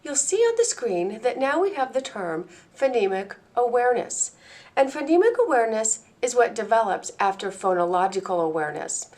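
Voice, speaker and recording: Woman giving a clear, measured lesson. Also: a little high, sing-song, darkish tone. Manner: clear and deliberate, slows to model sounds and words. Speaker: teacher trainer. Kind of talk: instructional presentation.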